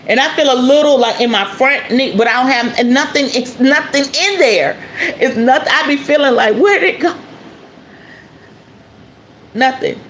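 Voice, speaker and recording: Blunt, salty woman in her forties. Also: mid-range voice. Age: 40s. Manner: blunt, salty and emphatic, scolding the listener. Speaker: podcast host and spiritual herbalist. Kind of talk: casual monologue to listeners. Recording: roomy echo with faint ambient noise.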